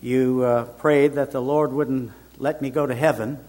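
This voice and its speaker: A man's voice: mid-range voice, steady tone, a little slow, a little mellow, slight background noise. An older man from Virginia preaching, mixing conversational stories with emphatic scripture. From Richmond, Virginia, US. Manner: conversational storyteller, swells to emphatic proclamation. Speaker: minister. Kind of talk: sermon with personal anecdotes.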